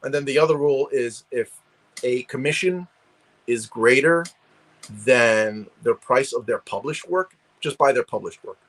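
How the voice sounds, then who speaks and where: A man's voice: medium pitch, a little slow, a bit bright, rough recording. Rambling New man on a call. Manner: rambling, many restarts and fillers. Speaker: guest collector. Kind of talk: casual chat.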